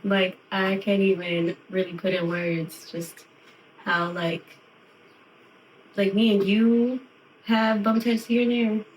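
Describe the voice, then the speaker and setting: A woman's voice: medium pitch, takes it slowly, long pauses, a little hiss or hum. Woman telling stories in a roomy space. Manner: animated storytelling, often laughing. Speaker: podcast co-host. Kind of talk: casual chat. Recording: roomy and distant from mic.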